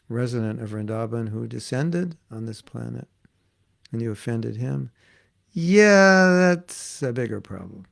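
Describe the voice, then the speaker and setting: A man leads an informal devotional class, telling stories in a chatty, amused way. His mid-pitched voice has a gravelly, creaky edge. He often acts out the voices of the people in his stories. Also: darkish tone. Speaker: spiritual teacher giving a class.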